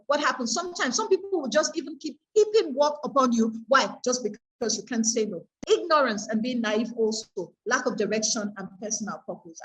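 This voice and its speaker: A woman's voice: fairly high pitch, rough recording. A woman giving an earnest, faith-based teaching talk on peer pressure, asking her audience rhetorical questions. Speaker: course speaker on peer pressure.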